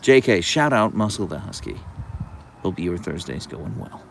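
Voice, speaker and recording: A man with a low, gravelly voice hosts a casual livestream outdoors on a deck, reading out and answering viewer comments. His pitch swings up and down a lot as he talks, and faint traffic hums in the background. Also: very animated, normal speed. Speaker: livestream host. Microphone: camera on a tripod.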